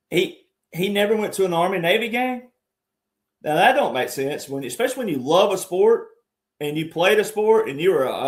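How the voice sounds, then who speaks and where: A man giving an emphatic commentary monologue, repeating himself and addressing the audience as ladies and gentlemen. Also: high voice. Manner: restarts and repeats words often. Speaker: guest commentator.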